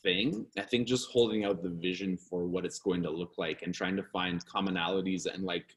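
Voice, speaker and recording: Male co-host, very low voice, calm and measured in casual chat. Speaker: podcast co-host.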